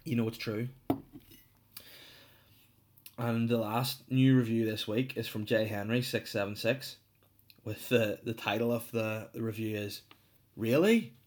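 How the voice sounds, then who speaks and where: Rambling podcast host, low voice. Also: male voice, flat delivery, moderate pace, darkish tone. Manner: rambling, jokey, self-mocking, many restarts. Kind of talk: casual solo podcast chat.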